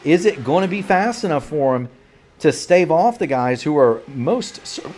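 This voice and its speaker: A man's voice: on the high side, animated, normal speed, a little mellow. A man calling play-by-play for a sim racing broadcast, rambling and correcting himself as he goes, fighting off a bout of hiccups. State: has the hiccups. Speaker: play-by-play commentator.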